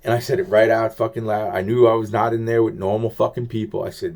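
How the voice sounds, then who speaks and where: A man with a somewhat low voice talks straight through a long personal story. He swears constantly and drifts from thought to thought. He often breaks off a sentence and starts it again. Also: flat delivery, fast, hardly any pauses, darkish tone. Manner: heavily profane, rambling, restarts sentences. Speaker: vlogger recounting personal events. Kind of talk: rambling first-person monologue.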